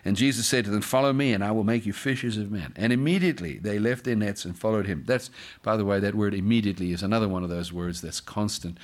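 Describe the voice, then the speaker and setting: During a sermon, a pastor reads scripture aloud and frequently breaks off to comment and joke with the congregation. He has a lowish male voice and a quick pace.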